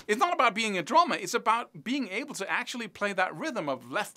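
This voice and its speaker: Man, guitar teacher, bright voice, very animated pitch, chants rhythms aloud, chatty. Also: brisk, hardly any pauses, slight background noise. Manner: chatty, self-mocking. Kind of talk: spoken video lesson.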